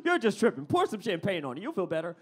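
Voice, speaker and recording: Incredulous, dismissive male doctor, raised pitch, done by a comic. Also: wildly swooping pitch, fast, fairly bright tone, breathy edge, exaggerated voice. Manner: incredulous, laughing.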